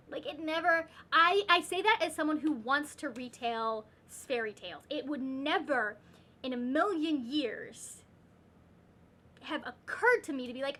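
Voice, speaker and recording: A woman's voice: high-pitched, unhurried, bright, forceful tone, slight background noise. A woman chatting casually as a book vlogger at home, rambling and ranting with lots of fillers and restarts. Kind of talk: casual reading vlog chat.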